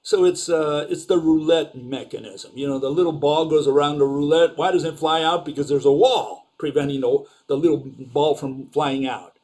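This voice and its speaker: A man's voice: fairly high pitch, normal speed, hardly any pauses, darkish tone. A man giving an informal, sarcastic lecture over slides, questioning ideas and using lots of fillers.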